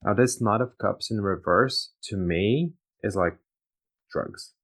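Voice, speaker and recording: A man's voice: on the low side, takes it slowly, a bit bright. A man co-hosting a casual tarot reading chat, agreeable and thoughtful. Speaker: tarot reader co-host.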